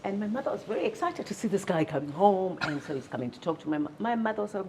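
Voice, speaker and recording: A South African woman, a guest in an interview, telling stories with animated restarts and acting out the voices of people she quotes. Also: medium pitch, fast talker, hardly any pauses, slight background noise. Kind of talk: storytelling in an interview.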